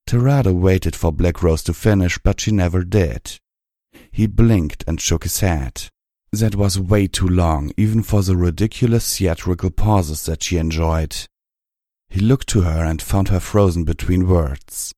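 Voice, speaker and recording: A man reading fan fiction aloud in a measured, even storytelling manner. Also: low-pitched, no room sound, clean studio sound. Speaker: audiobook reader.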